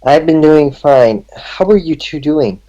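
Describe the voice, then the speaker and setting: A man's voice: fairly high pitch, measured pace, mellow, highs cut off, pitched above the performer's own voice, close to an everyday voice. A man voicing a polite, somewhat hesitant young female templar trainee. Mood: concerned.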